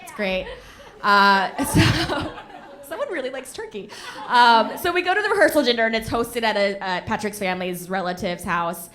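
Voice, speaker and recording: Bright, animated young woman storyteller. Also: on the high side, normal speed. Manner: animated, laughing, punchy. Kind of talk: live comedic storytelling. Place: stage of a live venue before an audience.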